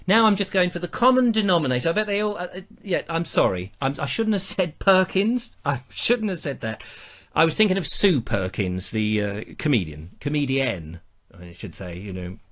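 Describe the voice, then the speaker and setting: British man, home live-stream host, chatty and self-mocking, animated pitch. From Britain. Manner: rambling, jokey, self-mocking. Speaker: livestream host. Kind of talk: casual live chat to viewers. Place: back room at home. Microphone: laptop or webcam mic.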